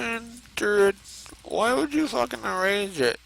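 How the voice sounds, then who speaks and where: A man's voice: sits high, very animated, unhurried, gravelly, fairly bright tone, a little hiss or hum, poor audio. A young man streaming a card game, rambling and swearing as he reacts to the plays. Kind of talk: casual gaming commentary.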